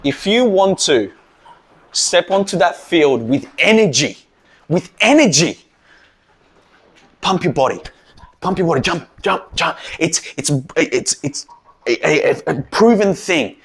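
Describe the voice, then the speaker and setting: A man, a mental performance coach giving a rousing team talk and leading loud chants. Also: high-pitched, expressive, a little slow, husky.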